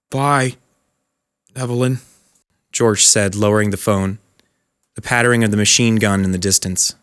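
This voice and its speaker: A man narrating a dramatic short story in a measured, scripted way. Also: mid-range voice, a bit bright.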